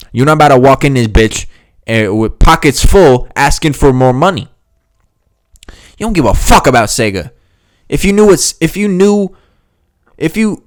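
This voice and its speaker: A man's voice: mid-range voice, dry recording, clean studio sound. A man hosting a gaming video, giving a heated, sarcastic and profane reaction rant. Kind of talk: ranting reaction commentary.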